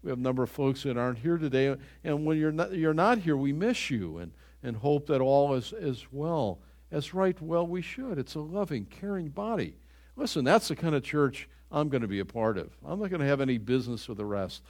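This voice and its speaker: A man's voice: fairly high pitch, expressive, a little fast, a little mellow. An older man delivers a sermon in a church. He preaches in an earnest, conversational way and often restarts his phrases mid-thought. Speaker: pastor.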